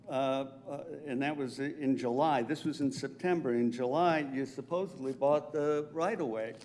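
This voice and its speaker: A man speaks at public comment in a council chamber, indignant and sarcastic, his voice pitched a little high. The room adds a long reverb, and faint noise sits under his words. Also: mellow.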